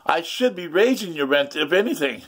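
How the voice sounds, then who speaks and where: A woman's voice: on the low side, expressive, normal speed, slightly rough, voice pushed up. A man voicing an indignant, dismissive landlady who scolds her tenant in a raised, insistent voice. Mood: scolding.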